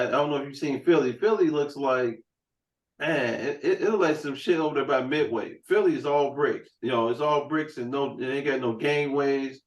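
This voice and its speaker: A man's voice: mid-range voice, recorded from a distance. Profane, rambling man host in a roomy room. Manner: loose, profane storytelling. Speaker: podcast host. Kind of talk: casual chat. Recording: roomy room sound, set back from the mic.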